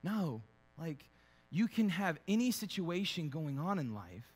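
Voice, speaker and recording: A man's voice: a little high, unhurried, long reverb tail. A young man preaching a casual, humorous sermon as pastor, acting out quotes in playful voices. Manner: animated, acts out quotes with funny voices.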